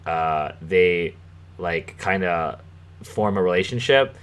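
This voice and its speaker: A man's voice: low voice, slow pace, a bit bright, clear, resonant tone. A young man hosting a podcast, rambling and swearing through a story in casual chat, with frequent chuckles. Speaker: podcast host.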